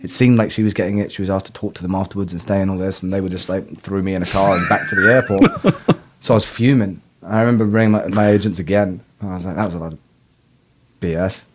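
A man's voice: deep voice, steady tone, fast, heavy background noise. A man, an actor, telling stories in a casual interview, laughing often at himself. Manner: laughs often, self-deprecating. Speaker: actor guest.

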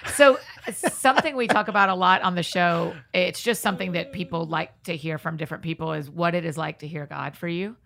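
A woman hosting a podcast interview, affirming her guest and quick to agree in a casual way. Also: fairly low pitch, vocal fry, fairly bright tone. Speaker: podcast host.

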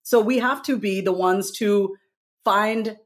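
A woman's voice: medium pitch, slow. A woman with a New York accent, a podcast guest who talks candidly and animatedly and laughs often. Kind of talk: podcast conversation.

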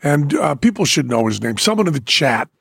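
A man's voice: fairly high pitch, big pitch swings, fairly quick, creaky, fairly bright tone, breathy edge, no room sound, studio quality. An older man hosting a casual chat, rambling and teasing his daughter. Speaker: podcast host.

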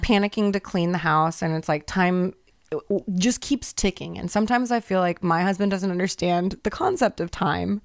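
A woman's voice: lowish voice, moderate pace, creaky, no echo, studio quality. A woman in her thirties hosting a podcast, telling a story in a casual, exasperated and profane way. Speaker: podcast host.

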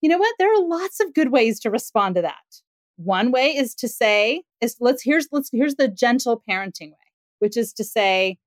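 Animated woman, dry close podcast sound. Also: a little high, normal speed, dry recording. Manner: animated, acts out parent and child quotes. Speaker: parenting expert. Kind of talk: casual conversational podcast discussion.

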